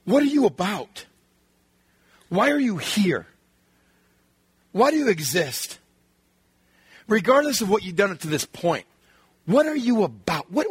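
A man preaching a sermon in an animated way, acting out voices and sometimes shouting. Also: high-pitched, husky, dry recording. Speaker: pastor.

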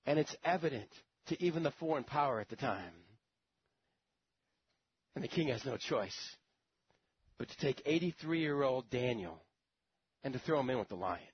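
A man's voice: mid-range voice, expressive, normal speed, long pauses, a little hiss or hum. A man preacher delivering a sermon in a dramatic storytelling manner, with conversational asides to the congregation. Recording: dull lo-fi sermon recording.

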